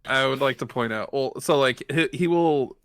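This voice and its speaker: A man's voice: medium pitch, moderate pace, a bit bright, clear, resonant tone, dry recording. Amused man describing his character. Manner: rambling, amused, restarts. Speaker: player. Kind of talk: casual tabletop play.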